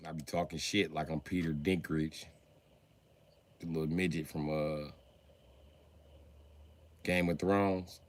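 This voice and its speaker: A man's voice: a bass voice, steady tone, slow, pauses often. A man telling comic stories on a livestream, who swings into mock-formal speech. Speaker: livestream comedian. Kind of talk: stand-up style storytelling.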